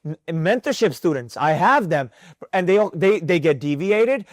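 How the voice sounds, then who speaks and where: A man with a high, light voice leads a trading mentorship class in front of students. He talks in an animated, preachy way and hammers his points home by repeating them. The sound is dry and close, with no room echo. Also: moderate pace. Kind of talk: live mentorship class talk.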